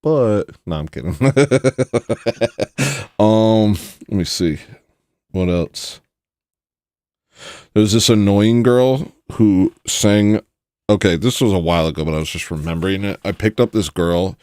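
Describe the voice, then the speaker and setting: Man, very low voice, dry close sound, blunt provocative rant, casual podcast host talk. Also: measured pace, a little mellow, smooth, no echo. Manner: blunt, provocative ranting with mocking asides. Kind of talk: casual opinionated monologue.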